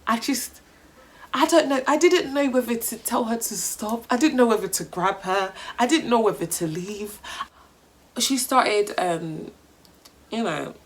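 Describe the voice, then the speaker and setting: A young woman with a London accent telling a storytime vlog in an animated, slangy way, swearing freely. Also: fairly high pitch, a little slow. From England. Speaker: vlogger.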